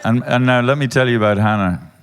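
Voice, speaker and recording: A man's voice: mid-range voice, fast, clean tone. Sweary Irish man hosting a live podcast. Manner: loud, sweary, sardonic stage banter. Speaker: comedian podcast host. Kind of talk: live comedy podcast banter. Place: live venue before an audience.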